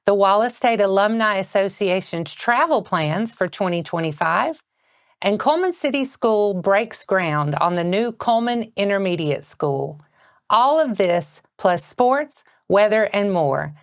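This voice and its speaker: A woman anchoring a local morning news bulletin with a Southern American accent, reading in a steady, measured way. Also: mid-range voice, no echo, clean studio sound.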